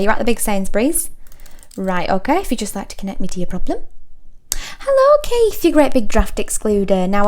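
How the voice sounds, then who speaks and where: A woman's voice: mid-range voice, darkish tone. A woman playing a brash middle-aged hotline auntie, who coos sweetly at callers and then tears into rude customers with elaborate insults. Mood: soothing. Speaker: hotline operator. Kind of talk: comedy sketch character monologue.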